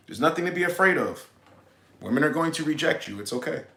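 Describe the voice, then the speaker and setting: On a stream, a young dating coach chats casually in blunt, slangy, profanity-heavy talk, acting out both sides of pickup scenes. His voice is on the high side, bright and forceful, animated and fast, in a reverberant space.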